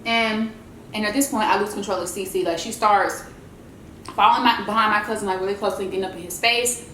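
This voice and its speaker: A woman vlogger telling a story in a chatty, animated way while she eats, and she calls her viewers y'all. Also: mid-range voice, fast talker, reverberant, a little hiss or hum, low-quality recording. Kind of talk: casual storytelling while eating.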